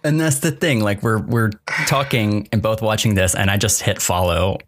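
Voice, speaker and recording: Laid-back low-voiced man, giggly and rambling. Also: normal speed, fairly bright tone, slight background noise. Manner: laughs often, rambling with restarts. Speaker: podcast co-host. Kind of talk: casual chat.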